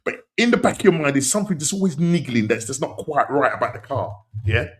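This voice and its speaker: A man hosting a football podcast, talking in animated, slang-heavy banter and laughing often. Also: mid-range voice, quick pace. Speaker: podcast host.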